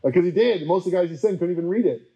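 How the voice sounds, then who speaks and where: Male preacher, casual storyteller, chatty with filler words, slightly high pitch, mellow tone. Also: lo-fi sound. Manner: chatty, with many fillers and quick acted-out quotes. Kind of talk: casual history teaching talk.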